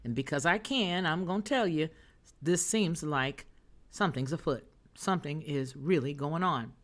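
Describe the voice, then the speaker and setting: A deep-voiced woman hosts a news and chat livestream at a moderate pace, reading viewer comments aloud. Her casual chat with the audience is sassy and emphatic.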